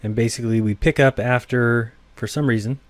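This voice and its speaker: A man's voice: medium pitch, fairly even intonation, fairly quick, dry recording. A man giving dry, wry voice-over commentary between clips. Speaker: channel host commenting on a clip.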